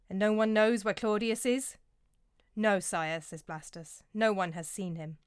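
A woman's voice: mid-range voice, clean tone, no room sound, clean studio sound. A woman narrating a scripted historical story in a dramatic, vivid way.

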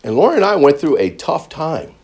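Animated husky male preacher. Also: brisk. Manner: animated, jumps into loud high-pitched quoted voices; joking with the congregation. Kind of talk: testimony sermon.

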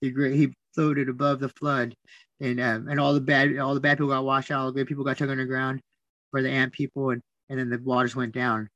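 Flat, dry-voiced man telling stories. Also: medium pitch, fairly quick, no echo, highs cut off. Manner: soft-spoken, repeats words and restarts often. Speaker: podcast guest. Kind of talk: reflective storytelling.

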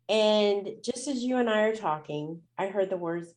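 A woman's voice: mid-range voice, lively intonation, moderate pace, a little mellow. A woman speaking as a guest in an interview, telling a personal story in a candid, emotional way with many fillers.

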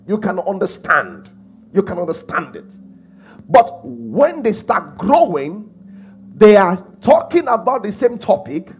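A man's voice: sits high, darkish tone, slightly rough. A man preaching a sermon, emphatic and full of rhetorical questions. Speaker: pastor.

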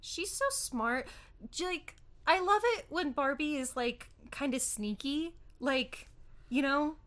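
A giggly woman co-hosting a laid-back film recap. Her voice sits high and bright, and she talks slowly, gushing about what she loves and breaking into laughs. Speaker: podcast co-host. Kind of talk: casual film recap chat.

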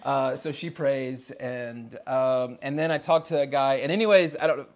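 Chuckling frequently between phrases, a man in his thirties from the United States preaches as a pastor, keeping the sermon relaxed, conversational and story-driven. He speaks at normal speed in a mid-range voice.

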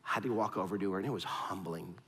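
A man's voice: sits low, fast, fairly bright tone. A pastor in his thirties preaching a conversational sermon, telling stories against himself and speaking straight to his listeners. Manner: storytelling, self-deprecating, direct address to the congregation. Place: church auditorium. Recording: long reverb of a large hall.

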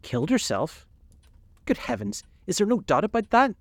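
A man's voice: on the low side, animated, moderate pace, no echo. A man voicing an anguished, earnest older male painter in a storybook reading, pained and pleading. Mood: distressed.

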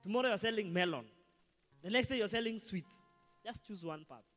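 A man preaching a sermon as pastor, animated and shifting between quiet asides and loud outbursts. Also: sits high, fast talker, in a large hall, soft background music.

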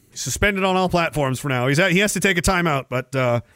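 A man's voice: a little high, normal speed, fairly bright tone, dry recording, studio quality. A man from Canada hosting a casual, profane livestream, joking crudely, laughing often and reading out chat messages.

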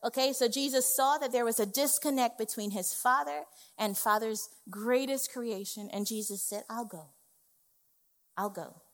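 Woman preacher, fairly high voice, emphatic conversational sermon delivery, church hall reverb. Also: normal speed, few pauses. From West Indies family. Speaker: executive pastor. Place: church sanctuary.

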